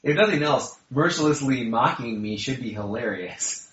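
A man running a tabletop game as game master, chatting casually with his players, laughing often and pausing on fillers. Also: medium pitch, expressive, fairly bright tone. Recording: dull lo-fi sound in an echoey room.

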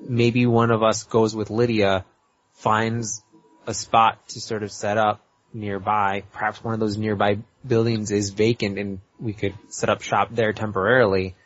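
A player in a tabletop role-playing game thinks aloud, talking through his plans at length. His voice is on the low side, level, and unhurried, and the lo-fi audio sounds dull.

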